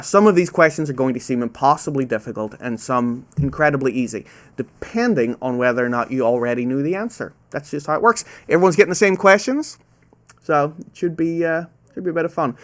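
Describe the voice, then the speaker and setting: A man with a slightly high, fairly bright voice hosts a live trivia quiz over his webcam at home. He keeps it casual and self-deprecating, goes over every question slowly a second time, and has difficulty saying "ow" sounds.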